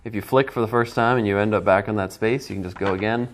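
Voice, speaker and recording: A man's voice: lowish voice, fairly even intonation, fast, slight background noise. A man reviewing a board game in a casual first-person video, musing aloud with playful asides.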